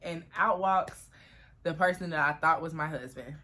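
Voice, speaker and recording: A woman's voice: deep voice, moderate pace, sharp tone, slight background noise. A young woman telling a personal story to camera in a chatty, profane way, often addressing viewers as y'all. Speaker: vlogger.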